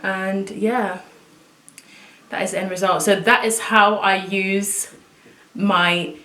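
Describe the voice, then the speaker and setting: Woman vlogger talking thru her makeup, excitable, medium pitch, echoey room. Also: slow pace. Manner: chatty, excitable, talks to viewers while working. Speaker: beauty vlogger. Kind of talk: casual makeup tutorial.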